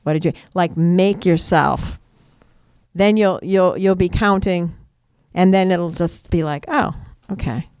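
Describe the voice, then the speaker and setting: A woman's voice: fairly low pitch, takes it slowly, a little mellow, smooth, dry recording, clean studio sound. A chatty woman who trains mediators, explaining her method casually, often laughing and acting out the voices of people she quotes. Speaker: restorative justice mediator and trainer. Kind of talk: casual teaching talk.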